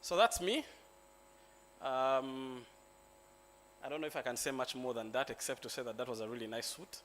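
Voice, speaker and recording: Ugandan man, lawyer, conference talk, relaxed joking, faint hum. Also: medium pitch, moderate pace. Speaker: lawyer and speaker. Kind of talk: symposium presentation. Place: conference hall.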